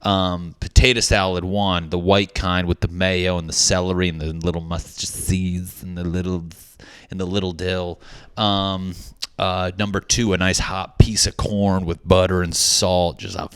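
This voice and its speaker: A man's voice: deep voice, flat delivery, unhurried, a bit bright, smooth, no room sound, clean studio sound. A man hosting a solo comedy podcast, rambling and joking crudely with many restarts. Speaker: podcast host.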